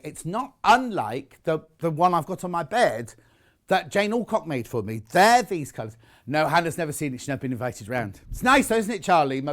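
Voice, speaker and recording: A British man hosts a live craft shopping show from a TV studio. His voice sits a little high for a man, and he chats breezily, teasing viewers as he reads their messages aloud. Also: fairly bright tone. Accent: British English. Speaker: shopping channel presenter.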